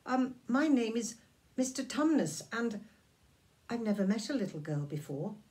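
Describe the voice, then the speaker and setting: A woman's voice: a little high, sing-song, normal speed, darkish tone. A woman voicing a nervous, stammering male faun in a storybook reading, talking in hesitant, flustered bursts. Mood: apologetic. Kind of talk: storybook read-aloud.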